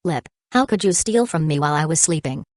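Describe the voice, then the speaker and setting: A woman's voice: deep voice, lively intonation, fairly quick, no room sound, studio quality. A woman voicing a drunken, selfish middle-aged father who grumbles and rants in an audiobook. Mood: wheedling. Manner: grumbling, ranting.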